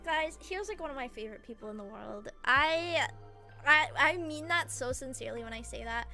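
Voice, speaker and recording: Young female streamer, very high bright voice, lively up-and-down delivery, giggly gushing chat over faint music. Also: normal speed. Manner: giggly, gushing, rambling with many "like"s. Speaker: VTuber streamer.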